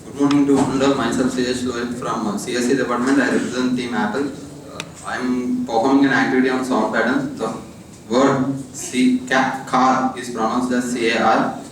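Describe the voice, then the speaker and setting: A man's voice: medium pitch, level tone, normal speed, a little hiss or hum. A young man presenting in class, spelling words letter by letter, stumbling and correcting himself. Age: young adult. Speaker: student presenter. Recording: very echoey classroom from far off.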